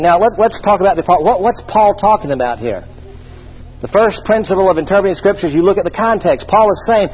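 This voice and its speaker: Male preacher, high and husky, jokey sermon delivery, dull lo-fi recording. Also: lively intonation. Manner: humorous, voices imagined listeners, reads scripture slowly.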